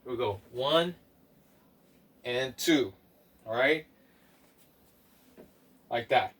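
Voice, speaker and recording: A man leading a home workout as a fitness instructor, counting reps aloud and giving slow, step-by-step tips. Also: medium pitch, expressive, fairly bright tone, breathy edge. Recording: voice from a distance off the mic.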